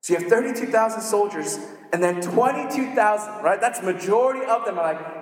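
A man preaching a casual, animated sermon, acting out the characters in quick voices. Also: high voice. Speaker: pastor. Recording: echoey hall with long reverb.

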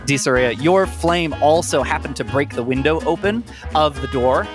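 A man narrating a tabletop game as game master, often pausing on ums and restarting phrases. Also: fairly high pitch, music in the background. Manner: hesitant, lots of ums and restarts.

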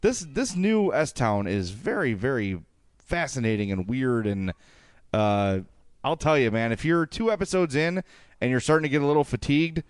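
Male podcast co-host, clean resonant voice, dry booth sound, ranty and animated. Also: medium pitch, normal speed, clear, resonant tone, dry recording. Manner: animated, ranting, jokey asides. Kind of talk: casual sports podcast chat.

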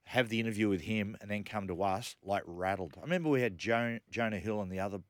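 A man's voice: on the low side, quick pace, no echo, studio quality. A man with an Australian accent hosting a radio show, telling jokey stories and mocking others in casual banter. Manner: joking storyteller, mocking, laughs a lot. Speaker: radio host. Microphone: studio microphone.

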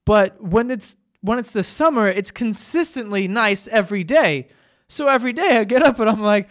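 A man's voice: very high-pitched, expressive, normal speed. A young man hosting a podcast alone, ranting profanely and with exasperation, mocking himself between outbursts. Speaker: podcast host. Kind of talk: solo comedic rant.

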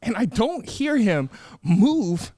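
Young male podcast co-host, slightly high voice, dry close sound, animated storyteller. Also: takes it slowly, dry recording. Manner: animated storyteller, acts out quotes, swears, laughs a lot. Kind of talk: casual storytelling chat.

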